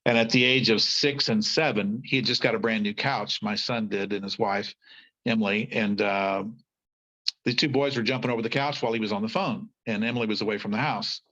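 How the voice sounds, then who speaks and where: A man's voice: on the low side, steady tone, a little fast, bright, forceful tone, lo-fi sound. Older man telling a folksy story. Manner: folksy, rambling, frequent restarts. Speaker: author and guest. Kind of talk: storytelling in casual conversation.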